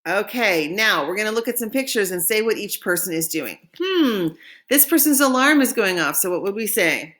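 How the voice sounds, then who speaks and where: A woman leads a recorded French lesson. She says each phrase slowly and clearly so that students can repeat after her, then moves on in an encouraging teacher's voice. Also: medium pitch, animated, a bit bright. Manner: slow modeling of phrases for repetition.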